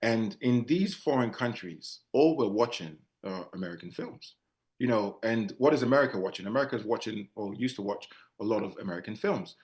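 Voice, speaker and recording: Soft-spoken actor from England and Nigeria. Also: male voice, fairly low pitch, fairly quick. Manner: relaxed, soft-spoken, repeats words. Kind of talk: press junket interview.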